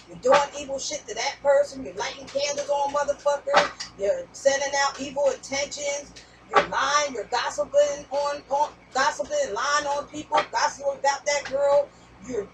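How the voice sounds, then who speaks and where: A woman doing a casual spiritual message reading as a tarot reader, blunt and profane, talking straight to her viewers. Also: high voice. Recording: distant mic with background noise.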